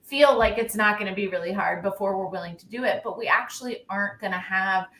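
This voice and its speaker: A woman's voice: medium pitch, brisk, a bit bright. A woman speaking as an expert panelist in a casual discussion, emphatic, with many rhetorical questions and frequent "like". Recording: roomy echo.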